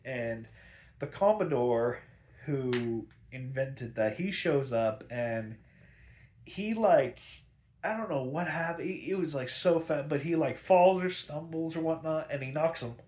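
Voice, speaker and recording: A man with a somewhat high, slightly mellow voice casually recaps an old movie, speaking unhurriedly with lively intonation. He rambles, leans heavily on fillers, and swears a lot, and the recording has a roomy echo.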